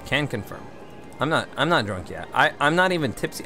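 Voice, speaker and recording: A man's voice: mid-range voice, very animated, fairly quick, pushed and bright, soft background music. A man hosting a game livestream, reading viewer chat aloud and answering it in a wry, chatty way, one beer in and a little tipsy. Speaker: livestream gamer host.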